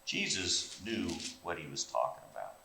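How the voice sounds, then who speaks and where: A man's voice: low voice, moderate pace, gravelly. Older man preaching in echoey church. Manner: animated, folksy, asks the congregation questions. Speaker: pastor. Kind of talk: sermon. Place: church sanctuary. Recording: very echoey church room, distant mic, faint hiss.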